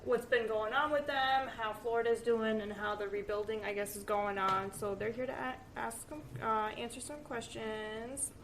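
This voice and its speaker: A woman hosting a casual podcast, introducing guests in a loose, halting way. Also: fairly high pitch, flat delivery, slight background noise, rough recording. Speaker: podcast host. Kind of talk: casual chat.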